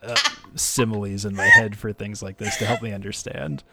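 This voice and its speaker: A man with a very low, deep voice chats loosely about software as a podcast co-host. He rambles, restarts his sentences and pokes fun at himself. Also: wildly swooping pitch, normal speed, gravelly, heavy background noise. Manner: rambling, self-deprecating, frequent restarts. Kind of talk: casual tech chat.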